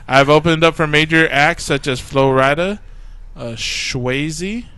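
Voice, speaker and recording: A man introducing himself as a musician guest in casual chat, halting and laughing as he goes. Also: a little high, bright, forceful tone, smooth. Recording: noisy, clicky lo-fi recording.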